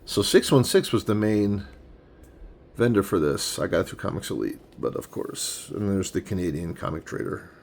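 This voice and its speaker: A man's voice: low voice, animated, moderate pace, vocal fry, darkish tone, a little hiss or hum. A man in his forties casually unboxing comics, thinking aloud with enthusiasm as he handles each one. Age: 40s. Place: home room with a tripod-mounted camera.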